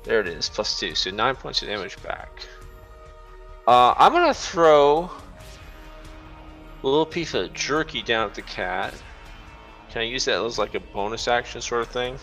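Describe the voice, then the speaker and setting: A man's voice: mid-range voice, lively intonation, normal speed, pauses often, a bit bright, soft background music. A man chatting casually as a player in a tabletop game, often cutting in. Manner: casual, talks over others.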